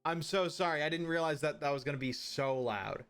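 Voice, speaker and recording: A man's voice: a little high, brisk, fairly bright tone, clean tone, soft background music. A man streaming live in casual chat, thinking aloud as he works, swearing offhandedly and apologizing often, into a streaming mic. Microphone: streaming mic through an audio mixer.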